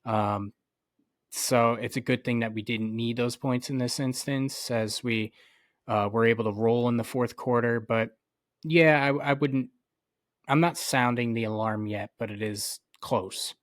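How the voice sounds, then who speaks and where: A man co-hosting a sports podcast in casual chat, measured and full of "um" and "you know". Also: medium pitch, fairly even intonation, dry recording, studio quality. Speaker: podcast co-host.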